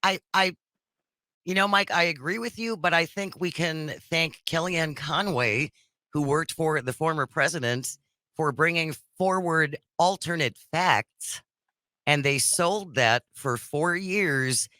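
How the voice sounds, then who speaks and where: A woman co-hosting a call-in radio talk show, lively and opinionated, quick to laugh. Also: deep voice, dry recording, clean studio sound.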